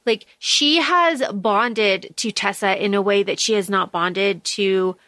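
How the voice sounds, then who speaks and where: A woman's voice: mid-range voice, slow pace, a bit bright, no echo. A woman co-hosting a podcast, chatting casually about a book, swearing freely and using lots of fillers. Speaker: podcast co-host.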